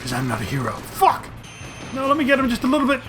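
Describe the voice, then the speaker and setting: A man giving excitable, profane gameplay commentary, often breaking into loud outbursts, over game music. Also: extremely high pitch, fast talker. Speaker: let's play host.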